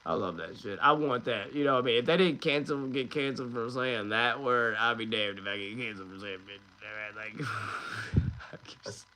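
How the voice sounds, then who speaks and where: A man's voice: mid-range voice, moderate pace, bright, forceful tone. A man hosting a livestream, chatting casually, swearing and laughing between rambling remarks. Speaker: livestream host.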